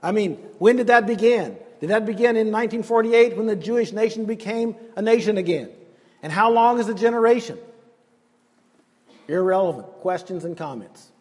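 Husky high-voiced guy preaching, emphatic, big hall echo. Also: expressive, normal speed, darkish tone. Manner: earnest, emphatic, acts out quotes. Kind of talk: sermon.

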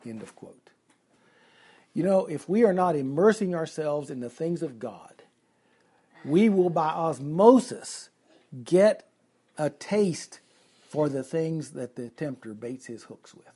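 A man's voice: fairly high pitch, expressive, unhurried, pauses often, dark tone, breathy edge. A man preaching an expository sermon, reading scripture aloud and earnestly explaining it verse by verse.

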